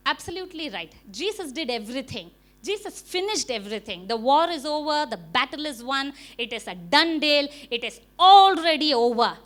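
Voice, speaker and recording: A woman's voice: high-pitched, very animated, moderate pace, fairly bright tone. A middle-aged woman pastor with an Indian English accent, preaching a sermon with emphatic rhetorical questions and frequent calls of "Amen".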